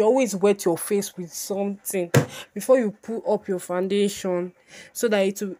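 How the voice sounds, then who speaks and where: A woman's voice: on the low side, darkish tone. A woman hosting a casual makeup tutorial, chatty and bubbly, who repeats her instructions again and again.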